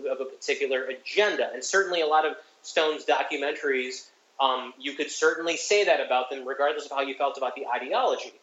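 A man with a fairly high voice weighs up a film in a thoughtful, rambling way. He is recorded on a dull, lo-fi mic in a roomy, echoey space. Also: fairly bright tone. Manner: thoughtful, rambling, many fillers. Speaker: podcast co-host. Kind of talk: casual film discussion.

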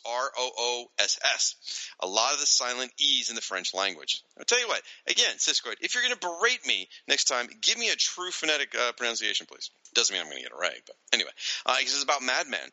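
A man hosting a podcast, reading listener letters with a lot of swing in his pitch. His voice is very bright and forward. He jokes at his own expense and laughs along as he reads. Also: fast talker, no room sound, rough recording. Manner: animated, self-deprecating, laughs while reading. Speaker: podcast co-host. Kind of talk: casual podcast chat reading listener mail.

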